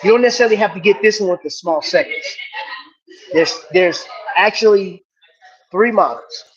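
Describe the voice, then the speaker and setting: A man's voice: high voice, normal speed, breathy edge, soft background music. A middle-aged man hosting a casual livestream, chatting in a laid-back way and laughing along with viewers. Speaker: watch reviewer and livestream host. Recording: dull lo-fi stream audio.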